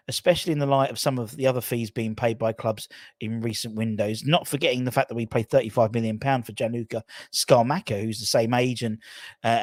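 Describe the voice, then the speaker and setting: A man's voice: mid-range voice, a little mellow, dry recording. A man hosting a casual fan channel show, talking through transfer news in a chatty, rambling way with jokey asides.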